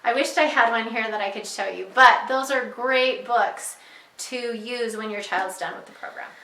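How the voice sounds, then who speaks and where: Bright-voiced woman teaching parents, echoey room. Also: on the high side, normal speed, distant mic. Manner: patient, repeats key points, stretches out sounds to demonstrate. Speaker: reading teacher. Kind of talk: instructional talk to parents.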